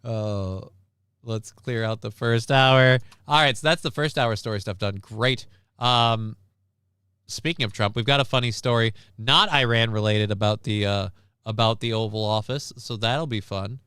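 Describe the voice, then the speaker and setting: A man's voice: on the low side, a little slow, pushed and bright, clean tone, dry recording. A man hosting a casual live stream, rambling and wry with crude asides, reading out and thanking viewers. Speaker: stream host.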